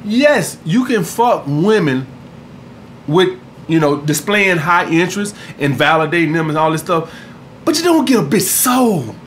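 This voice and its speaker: High-voiced, blunt, profane man. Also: sing-song, measured pace, slight background noise. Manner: blunt and profane, keeps asking "all right?". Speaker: dating coach. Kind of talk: casual vlog monologue.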